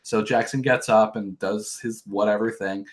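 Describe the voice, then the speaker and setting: A man's voice: lowish voice, fairly even intonation, normal speed. A man hosting a podcast, casually recapping a reality show in a rambling, profane way with joking asides. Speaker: podcast host.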